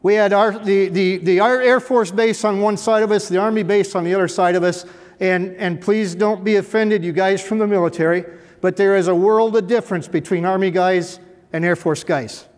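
A man's voice: high-pitched, fairly even intonation, moderate pace. A middle-aged man, a former police officer, telling humorous stories to an audience in a folksy way with dry, self-mocking humor. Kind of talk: humorous storytelling talk to an audience. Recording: echoey hall reverb.

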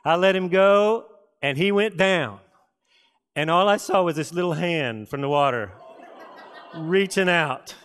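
A middle-aged man preaching a sermon from Texas, telling folksy stories with dramatic pauses and asides. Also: fairly high pitch, expressive, a bit bright. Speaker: pastor.

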